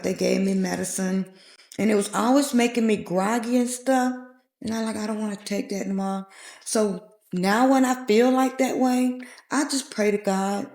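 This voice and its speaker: As a guest on a podcast, a middle-aged woman gives an earnest, heartfelt personal testimony. Her mid-range voice is gravelly and darkish. She's recorded in an echoey room.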